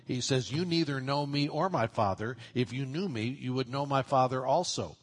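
A man's voice: mid-range voice, moderate pace. A man preaching a sermon in a conversational way, acting out quoted voices as he teaches. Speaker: pastor.

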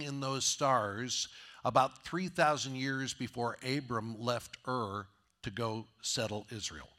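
A man's voice: mid-range voice, unhurried, bright, forceful tone. A man preaching a conversational sermon as a pastor, often asking his listeners rhetorical questions.

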